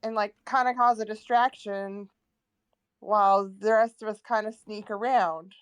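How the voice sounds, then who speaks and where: A woman's voice: medium pitch, steady tone, measured pace, clean tone, no room sound. A woman at a tabletop game chatting casually, upbeat but hesitant as she talks through a plan. Her voice sits close and dry, with no room sound around it. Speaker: player. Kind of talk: casual chat.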